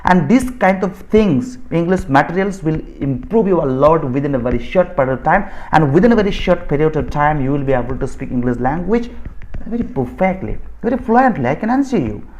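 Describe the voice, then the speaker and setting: A man's voice: a little high, animated, fairly quick, darkish tone. A man from Assam with an Indian accent, a native Bodo speaker, teaching spoken English in a lecture. He talks in a repetitive, insistent way, often rewording phrases and restarting sentences. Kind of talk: explanatory lecture.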